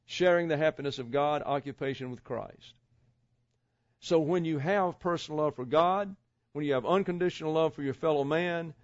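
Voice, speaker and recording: A man's voice: a little high, darkish tone, no room sound. Male pastor, sermon delivery, rhetorical questions, lo-fi dull recording. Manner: measured preaching with rhetorical questions and asides.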